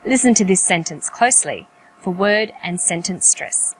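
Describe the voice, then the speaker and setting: Woman teaching english, careful and clear, bit of background hiss. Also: lowish voice, lively intonation, moderate pace, low-quality recording. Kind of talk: scripted lesson narration.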